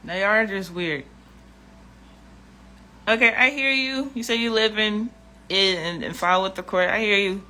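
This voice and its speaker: A woman's voice: mid-range voice, measured pace, pauses often, sharp tone. A woman vlogging in a casual, profane rant, blunt and exasperated, often repeating herself.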